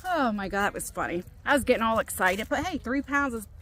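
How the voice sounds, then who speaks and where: Lively, bright-voiced woman vlogging outdoors. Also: fairly high pitch, fairly quick, slight background noise, low-quality recording. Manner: chatty and rambling, animated when telling stories. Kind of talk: casual vlog chat while walking. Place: outdoors at a lake park.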